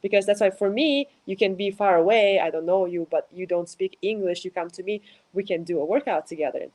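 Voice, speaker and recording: Woman, Russian first language, interpreter, halting speech, giggly, podcast chat. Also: medium pitch, darkish tone, poor audio. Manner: halting, searching for words, switching languages. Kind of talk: casual podcast conversation.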